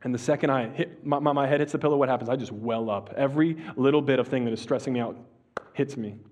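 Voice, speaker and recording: Preaching in a mid-range voice, this man keeps his sermon relaxed and chatty, with slang and sentences he starts over. At the key phrases he slows into a hush.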